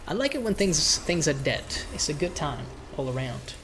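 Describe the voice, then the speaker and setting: A man's voice: a little high, sing-song, moderate pace, fairly bright tone, a little hiss or hum. A man talks through a video game he is streaming live, loose and irreverent. His thoughts come in bursts, and he doubles back on a word before pressing on. The tone stays offhand and conversational. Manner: loose, irreverent, often repeating words as he restarts. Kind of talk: live gameplay commentary.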